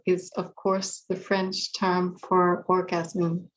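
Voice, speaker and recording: Slow, measured woman reading poetry. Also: on the low side, monotone, a little hiss or hum, low-quality recording. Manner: slow, measured, deliberate delivery. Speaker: poet reading her work.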